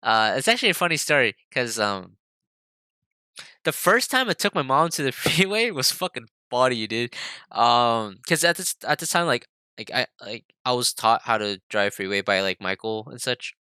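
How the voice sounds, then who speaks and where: A young podcast co-host tells a story casually, looping through fillers and swearing as he goes. His voice is bright and smooth, and it sounds close and dry. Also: medium pitch, lively intonation, moderate pace, dry recording. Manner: rambling, filler-heavy, profane.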